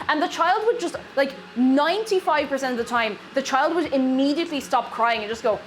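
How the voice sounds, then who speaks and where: A woman's voice: high voice, lively intonation, a little fast, hardly any pauses, slight background noise. A young Irish woman streaming from her home kitchen, chatting casually, rambling through asides and reading viewer messages aloud. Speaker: streamer baking live.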